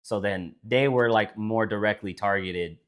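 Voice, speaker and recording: A man's voice: on the low side, measured pace, crowd noise. A man co-hosting a casual podcast chat, rambling and swearing, with frequent restarts. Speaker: podcast co-host.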